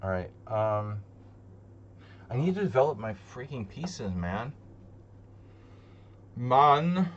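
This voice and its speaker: A man's voice: lowish voice, very animated, unhurried, pauses often, a little mellow, muffled recording, a little hiss or hum. A man streaming live online chess, thinking aloud as he plays, joking and muttering to himself. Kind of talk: live commentary while playing online chess. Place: home streaming setup.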